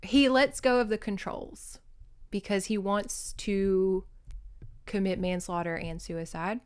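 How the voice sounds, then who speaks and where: Female host, casual book recap, lively and profane, talks straight to the listener. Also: medium pitch, slow, smooth. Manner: animated, profane, addresses listeners as "y'all". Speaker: podcast host.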